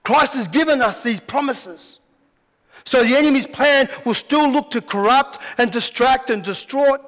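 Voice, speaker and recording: Male pastor with a high voice who acts out his sermon stories, recorded in a big echoing hall. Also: measured pace. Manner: animated storytelling, acts out scenes. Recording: long hall reverb.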